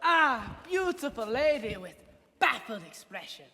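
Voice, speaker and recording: A tipsy, grand chaperone drawls slowly and swoops widely through her lines, as a young woman plays her on a school stage. The auditorium adds a long reverb. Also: on the high side, sing-song, pushed and bright, breathy edge, heavily acted. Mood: languid. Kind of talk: school stage musical acting.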